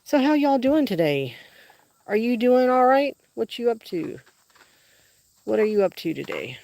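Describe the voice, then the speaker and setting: In her home kitchen and backyard, a woman livestreams, chatting casually and friendlily with viewers as she drifts from topic to topic and coos sing-song baby talk to her dogs. Her fairly high voice swings widely in pitch, a little slow, creaky, and darkish in tone.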